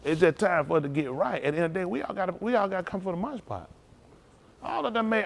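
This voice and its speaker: Pastor, male, higher-pitched, preaches with a call-and-response drive, from loud to hushed. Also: fast, gravelly. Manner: rousing call-and-response preaching, Southern Black church cadence; animated, swings between loud and hushed. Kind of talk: sermon.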